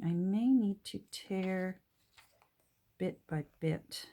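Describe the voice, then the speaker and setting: Working on her junk journal, this Canadian woman thinks out loud in a relaxed, chatty way, her Canadian accent clear. She speaks slowly in a lowish, dark-toned voice, leaving long pauses.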